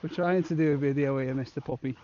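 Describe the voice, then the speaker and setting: A man's voice: medium pitch, fairly even intonation, fast talker, dark tone, lo-fi sound, a little hiss or hum. A man vlogging a shore fishing trip outdoors on a beach, chatting casually and upbeat to the camera. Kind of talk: casual outdoor vlog narration.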